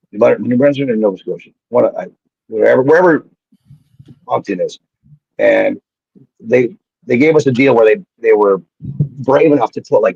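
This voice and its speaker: A man, a former pro wrestler appearing as a guest, telling animated and profane stories in a casual way, often restarting his sentences. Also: on the low side, creaky, breathy edge, dry recording. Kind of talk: casual storytelling on a live show. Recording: dull lo-fi sound.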